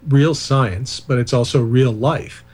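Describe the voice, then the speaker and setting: A male author talks through his ideas as a radio interview guest. He wanders into side stories and jokes at his own expense. His voice sits at an ordinary middle pitch. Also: slow, darkish tone, husky. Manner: discursive, digressive, self-deprecating asides.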